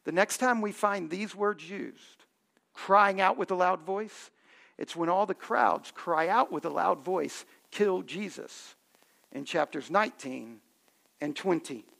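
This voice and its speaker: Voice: mid-range voice, slow pace, creaky, a bit bright. A pastor preaching a sermon, asking the congregation questions and building to emphatic points.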